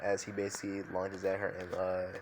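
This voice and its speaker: Male narrator, lowish voice, loose off-the-cuff storytelling full of fillers. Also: completely flat delivery, a little fast, slight background noise. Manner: rambling, filler-heavy, frequent restarts. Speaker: fan fiction storyteller.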